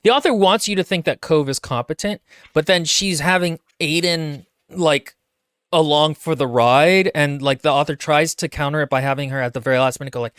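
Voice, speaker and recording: A man's voice: fairly high pitch, moderate pace, a bit bright, smooth, no room sound, clean studio sound. A man co-hosting a podcast, giving opinionated, wry comments on a novel in casual chat. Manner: opinionated, wry, trailing asides. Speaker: podcast co-host. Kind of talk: casual book discussion.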